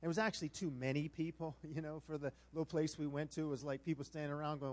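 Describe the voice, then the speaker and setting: Male pastor, middle-aged, high voice, animated, self-mocking sermon story. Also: quick pace, hardly any pauses.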